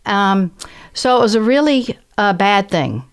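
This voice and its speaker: A woman's voice: medium pitch, a little slow, smooth. Southern woman telling a personal story. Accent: Southern American. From American South. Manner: earnest, reflective, animated storytelling with quoted voices. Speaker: guest. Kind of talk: conversational storytelling.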